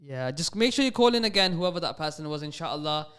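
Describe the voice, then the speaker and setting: A man's voice: on the high side, expressive, quick pace, fairly bright tone, clean tone. A man hosting a live radio call-in show. He is patient and encouraging with young callers and peppers his speech with religious phrases. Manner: sprinkles Islamic phrases through his talk.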